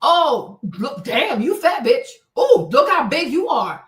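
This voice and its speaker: A woman voicing a crude, blunt female creator who mocks people loudly. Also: high-pitched, wildly swooping pitch, takes it slowly, reverberant, heavily acted. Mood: mocking. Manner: loud, insulting, exaggerated.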